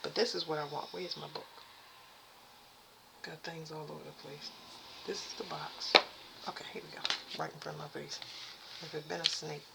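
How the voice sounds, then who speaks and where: A woman doing a casual spiritual reading, chatting to her viewers and haltingly reading text aloud. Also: deep voice, flat delivery, creaky, very noisy. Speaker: spiritual reader addressing viewers.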